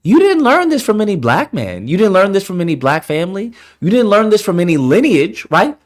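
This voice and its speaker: A man ranting as an online commentator, heated and exasperated, swearing freely as he argues. His pitch swings widely from line to line, rising into disbelieving questions. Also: very animated, a little fast.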